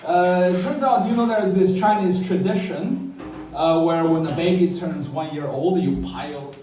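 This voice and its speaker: A man doing a stand-up comedy set, telling a story in a lively, animated way and jumping high in pitch when he quotes himself. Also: moderate pace, slight background noise. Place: comedy club stage. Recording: echoey club, far-off mic, crowd laughing. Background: audience laughter.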